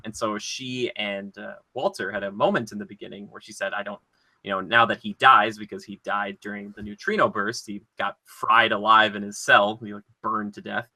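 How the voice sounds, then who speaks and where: A man co-hosting a casual podcast, retelling scenes in an animated, rambling way with lots of filler words. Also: fairly low pitch, normal speed. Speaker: podcast co-host.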